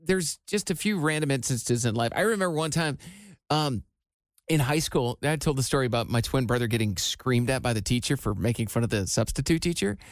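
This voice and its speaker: A man in his forties hosting a radio show, telling stories in a relaxed, rambling way with lots of "like" and a dry studio sound. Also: medium pitch, fairly quick, dry recording. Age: 40s. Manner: storytelling, laid-back with frequent likes. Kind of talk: casual chat. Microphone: studio microphone.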